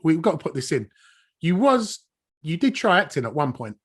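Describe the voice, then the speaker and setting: A man's voice: fairly high pitch, very animated, normal speed, crowd noise. A man hosting a podcast, chatting casually and enthusiastically, often repeating words for emphasis. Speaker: podcast host. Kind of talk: casual interview chat.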